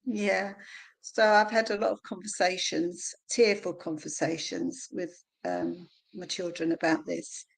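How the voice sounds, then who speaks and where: Woman, middle-aged, heartfelt livestream talk, earnest, creaky voice, video call. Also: fairly low pitch, little pitch movement, measured pace. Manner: earnest, emotional, personal. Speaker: guest host.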